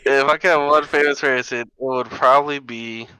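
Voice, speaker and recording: A man's voice: mid-range voice, fairly even intonation, normal speed, pushed and bright, smooth, no echo, low-quality recording. A young man co-hosting a podcast in casual chat, blunt and unfiltered, often laughing. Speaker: podcast co-host.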